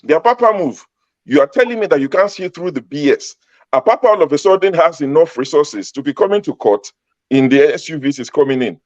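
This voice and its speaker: A man's voice: fairly high pitch, expressive, fairly quick, darkish tone, dry recording, lo-fi sound. A Nigerian man with a Nigerian accent arguing politics in a heated panel debate, mocking and combative, repeating words as he cuts in.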